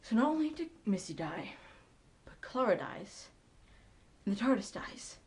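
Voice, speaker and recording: A woman giving a casual, excitable recap of a TV episode, chatty and full of ums and likes. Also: mid-range voice, unhurried. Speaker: TV episode reviewer.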